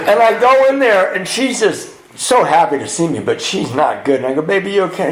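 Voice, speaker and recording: Guy at a men's retreat telling his story, acts out what everyone said, kinda high voice, echoey hall. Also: sing-song, normal speed, hardly any pauses, a crowd in the background. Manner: candid storytelling, acting out other people's lines. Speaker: retreat speaker. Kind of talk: personal recovery story told to a group. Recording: roomy echo in a retreat hall.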